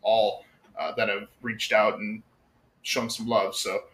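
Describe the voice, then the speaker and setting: A man's voice: fairly low pitch, little pitch movement, takes it slowly, fairly bright tone. An American man telling stories in a casual podcast chat, rambling with many fillers and some swearing. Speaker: podcast guest.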